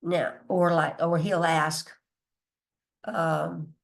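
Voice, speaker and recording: A woman's voice: low voice, flat delivery, very slow, gravelly. Chatty, emphatic woman spiritual teacher. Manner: chatty and emphatic, laughs often, mild cursing; loses her place and restarts, reads from notes.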